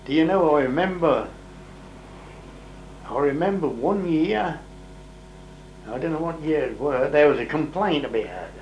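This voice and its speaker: A man's voice: on the high side, measured pace, long pauses, highs cut off, slight background noise. An older man tells long farm stories in a rambling, casual way. He uses dialect grammar and acts out what other people said. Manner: rambling, dialect grammar, lively when voicing others' words. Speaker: interviewee telling old farm stories. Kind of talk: casual storytelling.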